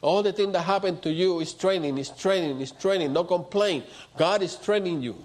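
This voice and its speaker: A man's voice: high-pitched, moderate pace. A man preaching a sermon, repeating his points and building to emphatic outbursts.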